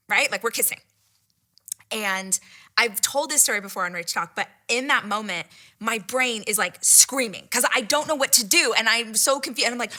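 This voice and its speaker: A middle-aged woman excitedly retelling a personal story, breathless and giddy, sometimes dropping into whispered asides. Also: fairly high pitch, fairly quick, soft background music. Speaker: podcast host retelling a date story.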